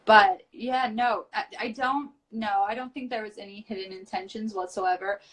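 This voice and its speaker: A worn-out woman from the United States chats frankly on a live stream, dropping swear words without fuss. She sits a fair way from the mic in a small storage room, so her voice sounds distant. Her pitch stays in an ordinary middle range. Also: fairly even intonation, moderate pace, a bit bright. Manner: chatty, blunt, swears casually. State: tired. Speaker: reality show cast member as guest. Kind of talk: casual live-stream chat. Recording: voice from far off the mic.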